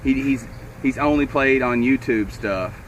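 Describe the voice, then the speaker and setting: A man's voice: medium pitch, a little slow. A man with a Kentucky accent co-hosting a casual chat, telling a rambling, profane story and acting out what others said. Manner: rambling, animated, profane, quotes others in raised voice. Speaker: show co-host. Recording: distant mic with faint street and traffic noise.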